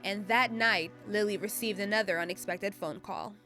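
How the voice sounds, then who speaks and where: A woman reads scripted documentary narration in a smooth, measured way. Her voice sits at a middle pitch. Faint music plays beneath her. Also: sharp tone.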